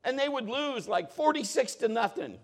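A middle-aged man preaching a sermon, telling a story with lively shifts and acted-out voices. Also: very high voice, normal speed. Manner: animated storytelling, acting out voices and shouting at peaks. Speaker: pastor.

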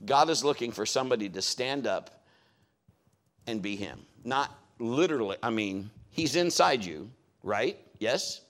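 A man's voice: medium pitch, expressive, unhurried, a bit bright. Man preaching in a chatty storytelling way. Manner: conversational, acts out quoted voices. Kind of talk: storytelling sermon.

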